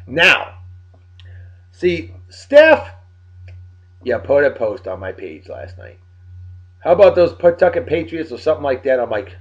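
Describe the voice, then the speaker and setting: A tired man giving joking, animated shout-outs to friends in a casual vlog. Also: medium pitch, measured pace, pauses often. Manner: animated, joking sports banter. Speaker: vlog host. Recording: dull lo-fi recording.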